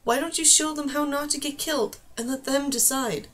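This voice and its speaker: A woman's voice: high-pitched, steady tone, brisk, a bit bright. A woman reading a novel chapter aloud as an audiobook, lifting her voice for the characters' emotional lines. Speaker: audiobook reader. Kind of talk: scripted narration.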